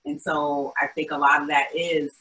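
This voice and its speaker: Low-voiced bright woman guest. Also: level tone, normal speed, poor audio. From Albany, New York. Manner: thoughtful, earnest, with many restarts. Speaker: interview guest, founder. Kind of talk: casual interview chat.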